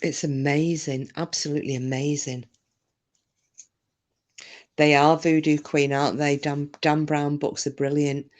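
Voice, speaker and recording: A woman's voice: sits low, level tone, a little slow, pauses often, a little mellow. English woman chatting on her livestream, rambly and self-deprecating, reading out comments. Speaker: livestream host. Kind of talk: casual chat with live viewers.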